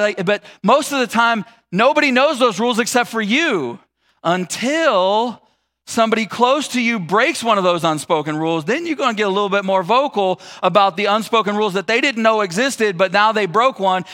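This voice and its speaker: High, bright-voiced preacher. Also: male voice. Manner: conversational and humorous, acts out scenes. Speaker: pastor. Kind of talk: sermon.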